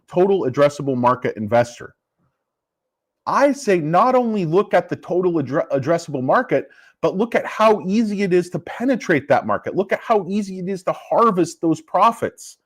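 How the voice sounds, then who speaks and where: A man ranting casually about a stock, combative and profane. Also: high voice. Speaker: stock market commentator. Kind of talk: casual investing rant.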